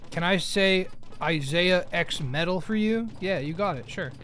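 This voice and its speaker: A man's voice: high-pitched, a little slow, fairly bright tone, soft background music. Joking man chatting on a live stream. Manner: rambling, joking, often laughing at himself. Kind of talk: casual live stream chat.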